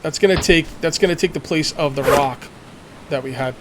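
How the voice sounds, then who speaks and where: Male let's-player, chatty think-aloud commentary, slightly high voice, faint game sound behind. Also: a little fast, noisy background. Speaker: let's play gamer. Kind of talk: casual gameplay commentary.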